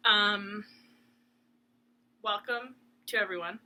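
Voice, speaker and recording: A woman's voice: mid-range voice, slow pace, sharp tone. A young woman hosting a cross stitch channel, chatting casually and rambling at home, laughing often and talking to her dog. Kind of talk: casual rambling chat to camera. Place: room at home.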